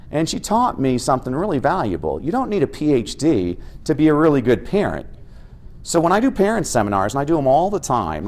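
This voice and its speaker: A middle-aged American man giving an energetic, humorous keynote talk as an education speaker. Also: medium pitch. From United States. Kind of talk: keynote speech.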